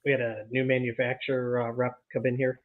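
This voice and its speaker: A man's voice: medium pitch, monotone, a little fast. A man co-hosting a live movie watch-along, chatting casually and laughing often. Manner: chatty, laughs often, reads the chat aloud. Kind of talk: casual chat. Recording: tinny lo-fi mic with static.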